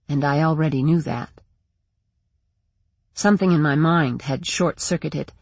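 A woman narrating a first-person audiobook in a measured, tense way. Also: deep voice, no room sound.

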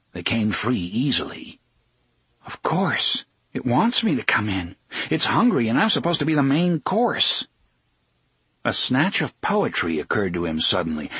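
A man narrates a story with a very husky, breathy voice, measured and unhurried, easing off the pace at tense moments. The sound is close and dry, with no room around it. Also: medium pitch, fairly bright tone, dry recording. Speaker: audiobook narrator. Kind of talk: scripted narration.

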